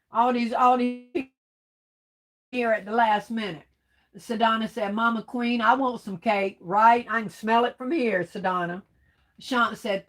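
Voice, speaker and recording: A woman with a slightly high voice hosts a casual craft livestream. She reads viewer comments out loud and answers them in loose, colloquial speech. She calls her viewers darling, honey and baby doll. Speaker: livestream host.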